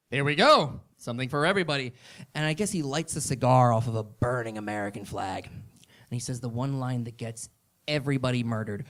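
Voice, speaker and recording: A man performing an excitable comedy monologue, often building up to shouts. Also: mid-range voice, brisk.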